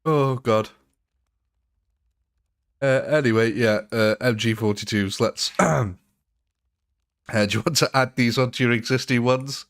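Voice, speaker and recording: A man's voice: medium pitch, moderate pace, fairly bright tone, dry recording. A man hosting a live gaming stream, chatting playfully with viewers on a close microphone. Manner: chatty, playful, jumps between silly and serious. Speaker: livestream gaming host. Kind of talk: casual live-stream chat. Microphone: close desk microphone.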